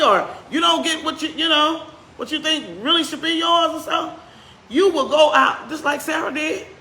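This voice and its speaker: A woman pastor preaching a sermon in a church, talking with the congregation and asking them questions as she goes. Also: high-pitched. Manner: animated, speeds up and slows down for emphasis. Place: church sanctuary. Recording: roomy church echo.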